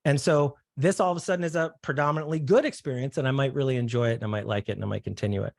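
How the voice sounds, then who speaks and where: A man's voice: medium pitch, rapid-fire, gravelly, no echo, studio quality. A man giving a casual guest talk, often checking in with "right?" and acting out little quoted voices. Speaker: guest speaker. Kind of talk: conversational talk.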